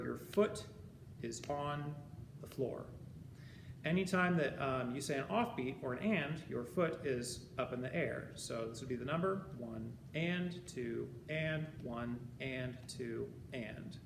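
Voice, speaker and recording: Patient band teacher in an echoey room. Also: male voice, on the high side. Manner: patient, explains step by step and counts beats aloud. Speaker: high school band teacher. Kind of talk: recorded music lesson. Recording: echoey room with steady background noise.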